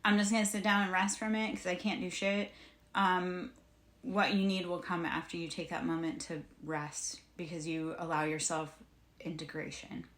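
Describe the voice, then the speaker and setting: A woman hosting a casual livestream as a spiritual reader, talking in a blunt, animated way and swearing casually. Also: fairly low pitch, normal speed. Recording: roomy, echoey room sound.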